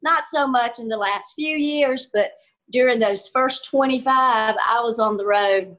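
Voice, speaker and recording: Older Southern woman, comedian guest on a video call, slightly high voice, folksy and quick to laugh. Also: a bit bright. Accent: Southern American. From Southern US, Georgia. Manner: folksy, laughs often, storytelling. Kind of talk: casual interview chat.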